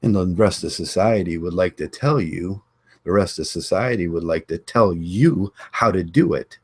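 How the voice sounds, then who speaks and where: Low husky-voiced man ranting bluntly. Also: normal speed. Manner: blunt, combative, repeats lines for emphasis. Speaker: online channel host. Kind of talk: ranting monologue.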